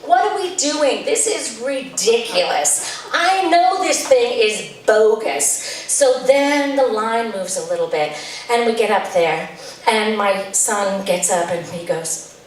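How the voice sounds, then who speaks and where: A woman tells a comic story live on stage, chatty and exasperated. Her voice sits fairly high and sounds far from the mic. The room around her is very echoey. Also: lively intonation, slow pace.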